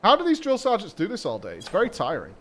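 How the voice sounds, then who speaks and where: A man commenting casually on his game stream, talking lower and quieter than his in-game voices. He jokes, swears and laughs at himself between scenes. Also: huge pitch swings, fast talker, slight background noise.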